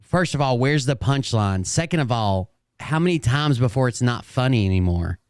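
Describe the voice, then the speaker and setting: A man's voice: medium pitch, lively intonation, normal speed, darkish tone, smooth, no echo. A man giving sarcastic reaction commentary on a livestream, dry and mocking.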